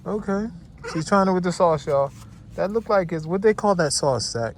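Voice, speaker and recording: A middle-aged man from New Jersey hosting a casual vlog on a handheld phone, lively and chatty, calling his viewers y'all. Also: high voice, normal speed, slight background noise. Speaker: vlogger host. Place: restaurant and parked car. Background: music playing.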